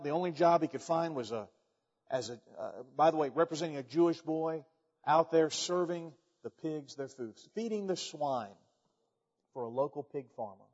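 Preacher man, high voice, folksy storytelling, lots of echo. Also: a little mellow. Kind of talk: sermon. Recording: echoey hall, dull sound.

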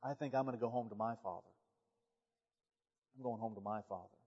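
A man's voice: high voice, animated, a little fast, a little mellow, breathy edge. A man preacher voicing a little male pig who loves the mud, in a folksy, plain-spoken way, in an echoey hall with dull sound. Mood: grumbling.

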